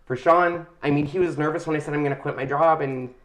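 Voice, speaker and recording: A man's voice: on the high side, steady tone, fast, fairly bright tone. A middle-aged man hosting a craft channel, telling his story in a casual, heartfelt and emotional way. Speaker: channel host. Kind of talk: casual chat.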